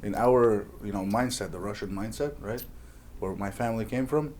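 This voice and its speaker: A man co-hosting a casual chat, relaxed and repeating words as he thinks aloud. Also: on the low side, moderate pace, slight background noise.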